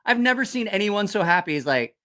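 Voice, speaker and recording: A man's voice: sits high, fairly quick. A man hosting a livestream, telling rambling, profane stories with a laugh, a little tipsy after a few drinks. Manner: lively, profane, laughing storyteller. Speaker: livestream host. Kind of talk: casual storytelling livestream.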